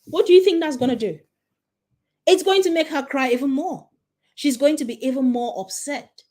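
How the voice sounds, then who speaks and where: A woman's voice: high voice, normal speed, a little mellow. A woman in her forties giving a motivational talk to parents as a parenting coach, emphatic, repeating her points and asking the listener questions. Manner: checks in with "okay?".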